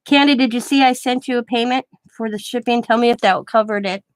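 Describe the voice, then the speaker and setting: A woman's voice: a little high, brisk, no room sound. A middle-aged woman hosting a craft livestream, chatting casually and rambling through anecdotes while she works. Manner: rambling anecdotes, quoting others in her own voice. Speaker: craft channel host.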